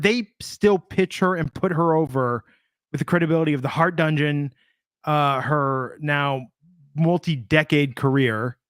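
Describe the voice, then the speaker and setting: A man's voice: on the high side, fairly bright tone, clean tone, no echo, studio quality. A man co-hosting a wrestling podcast, giving opinions in casual, musing chat. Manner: conversational, opinionated, drawn-out musing. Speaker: podcast co-host.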